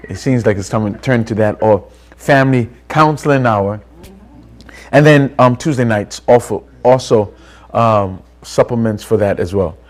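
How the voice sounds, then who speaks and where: A man's voice: medium pitch, normal speed. Guy teaching bible study at church, chatty, keeps asking right? and repeating himself. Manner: conversational, repeats words and restarts, asks the room for agreement. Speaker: pastor leading Bible study. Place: church hall.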